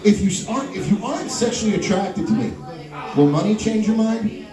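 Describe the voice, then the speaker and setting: Music plays in the background as a young comedian with a high-sitting voice performs stand-up at a live venue, animated and fairly quick. He teases audience members by name in an echoey room, distant from the mic, with the crowd audible.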